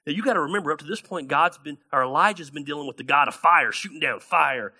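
A male pastor delivering a sermon with a bright, forceful voice that sits a little high. He talks animatedly and slips into the voices of the people in his Bible stories. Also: fast talker.

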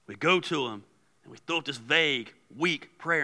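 A man preaching a sermon as pastor, animated and acting out quoted prayers. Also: medium pitch, measured pace, long pauses. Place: large church hall. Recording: long hall reverb.

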